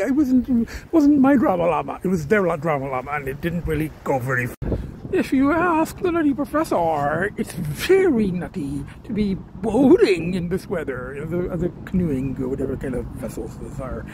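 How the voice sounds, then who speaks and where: Going about his day around town, at a store and on a restaurant patio, a man gives casual vlog commentary in an extremely high, very animated voice at normal speed. He rambles, restarts, fills gaps and chuckles frequently, and a little hiss or hum is audible.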